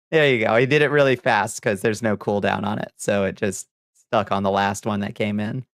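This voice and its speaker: A man's voice: lowish voice, steady tone, moderate pace, no room sound, clean studio sound. Giggly man chatting on a livestream. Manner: giggly, laughs often, casual swearing. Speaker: streamer. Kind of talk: casual livestream chat.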